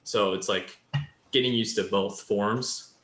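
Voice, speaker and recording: A man's voice: fairly low pitch, fairly even intonation, takes it slowly, fairly bright tone, echoey room. A man co-hosting a podcast, explaining Japanese in casual chat and building example after example. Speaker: podcast co-host.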